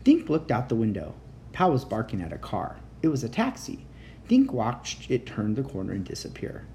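Woman, storybook read-aloud, deep pitch, mellow tone, expressive. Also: moderate pace, slight background noise. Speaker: reader. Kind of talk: reading a children's chapter book aloud.

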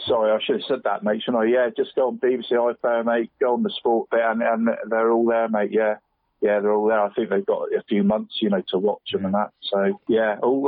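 A man's voice: mid-range voice, no room sound. Guy in his 40s rambling about footy on a phone line, says mate constantly, dry tinny sound. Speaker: football pundit guest. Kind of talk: casual radio chat.

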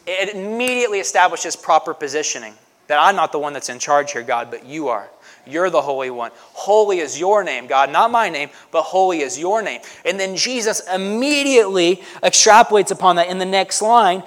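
A man preaching a sermon in a conversational way, often asking "right?" and swelling louder to stress a point. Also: a little high, moderate pace. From United States. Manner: conversational preaching, frequent "right?" asides, swells loud for emphasis. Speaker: pastor.

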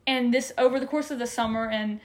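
A young woman who co-hosts a faith podcast shares an earnest, emotional testimony in casual chat, using many fillers and becoming tearful at times. Her voice is a little high and darkish in tone, and she speaks briskly.

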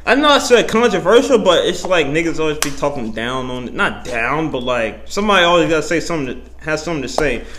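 A young man hosting his own podcast, talking in a rambling, profane, animated way, full of slang and self-interruptions. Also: a little high, fast, few pauses, background noise. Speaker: podcast host. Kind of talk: casual solo podcast monologue.

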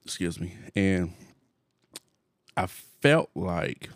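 A man in his forties telling a story in casual chat, animated, laughing often, with slangy phrasing. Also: deep voice, drawn-out words, no echo. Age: 40s.

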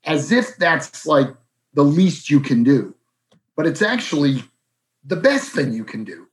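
Storytelling man, lively quotes. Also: a little high, a little slow. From South Boston, USA. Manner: animated, acts out quoted friends in raised voices. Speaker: guest. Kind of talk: conversational storytelling.

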